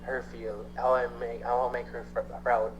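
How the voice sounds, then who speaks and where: A man's voice: mid-range voice, flat delivery, normal speed, noisy background. Earnest young Filipino man, lo-fi. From Philippines. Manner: mixes English and Tagalog, earnest, hesitant fillers. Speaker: guest actor. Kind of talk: casual interview chat.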